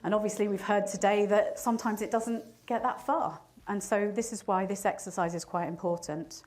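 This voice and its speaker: A woman in her fifties speaks to a live audience in a motivational talk, mixing a personal story with life advice. Her voice sits in a middle pitch, and she laughs at herself as she goes. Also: fairly even intonation, moderate pace, a little mellow. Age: 50s.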